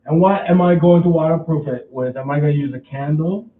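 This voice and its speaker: A man's voice: on the high side, roomy sound, far from the mic, narrow, tinny audio. A man casually vlogging at home, rambling and restarting his sentences as he talks through a chore. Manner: rambling, repeats himself, halting restarts.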